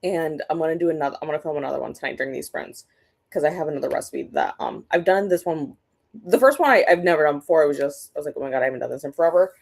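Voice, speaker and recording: A young woman hosting a booktube reading sprint livestream chats casually and rants with lots of swearing. Her low, gravelly voice moves fast, and she sounds exasperated.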